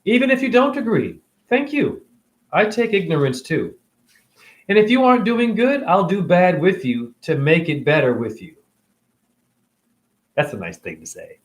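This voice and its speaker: Emotional rambling man, fairly high voice. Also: sing-song, normal speed. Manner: emotional, preachy, drifts to hushed whispers. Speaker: livestream host. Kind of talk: rambling spiritual monologue.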